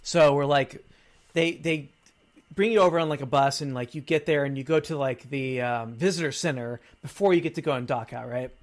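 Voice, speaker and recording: A man in his thirties chatting casually as a co-host, telling an animated story and acting out the dialogue. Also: medium pitch, fairly quick. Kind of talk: casual chat.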